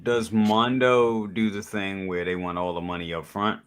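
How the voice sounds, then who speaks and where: A man's voice: lowish voice, level tone, moderate pace, smooth. A man hosting a toy review show, chatting casually with playful interjections. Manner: laughs often, playful interjections. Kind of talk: casual podcast chat.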